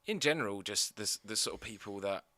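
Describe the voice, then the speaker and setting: A man's voice: on the low side, lively intonation, quick pace, bright, forceful tone, no echo. A young man co-hosting a casual comedy podcast, slipping into mock sports commentary and rambling asides. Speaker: podcast co-host.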